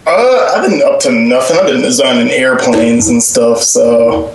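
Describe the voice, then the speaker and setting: A man's voice: medium pitch, measured pace, a little hiss or hum. A man calling in to a show, tipsy and slurring a little, giggling and rambling in casual chat over a desk microphone. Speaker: caller. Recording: echoey desk mic on a call.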